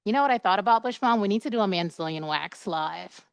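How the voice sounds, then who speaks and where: A woman's voice: mid-range voice, animated, fast, gravelly, no echo, highs cut off. A woman esthetician in her thirties giving a chatty, playful live waxing demonstration, acting out quoted dialogue as she works.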